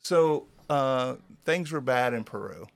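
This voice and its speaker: A man hosting a casual radio interview in a studio, chatting easily and dropping in quick agreements. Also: mid-range voice, creaky, no room sound. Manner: relaxed, drawn-out delivery with frequent short agreements. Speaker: radio host. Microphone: studio microphone.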